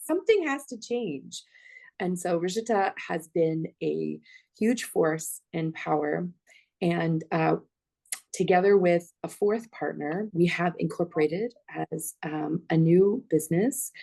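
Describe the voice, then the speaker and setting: Emotional woman midwife, low mellow voice, heartfelt panel remarks. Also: creaky. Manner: emotional, heartfelt, slightly teary. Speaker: midwife, clinical director.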